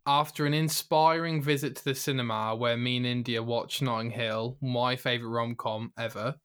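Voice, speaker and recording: A man's voice: mid-range voice, steady tone, normal speed, fairly bright tone, smooth. A British man co-hosting a casual gaming podcast, joking and enthusiastic. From Britain. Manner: enthusiastic, jokey. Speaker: podcast co-host. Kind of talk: casual chat.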